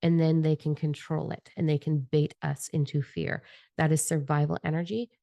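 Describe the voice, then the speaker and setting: A woman's voice: sits low, level tone, moderate pace, creaky, dark tone, dry recording. A woman giving a spiritual energy forecast with tarot cards in a passionate, rambling and profane monologue. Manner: fervent, profane and rambling, admits getting carried away.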